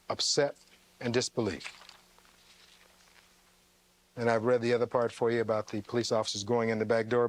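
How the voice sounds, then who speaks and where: A man's voice: medium pitch, dry recording. Emphatic man giving a closing argument. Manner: reads testimony aloud and fires rhetorical questions to the jury. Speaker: defense attorney.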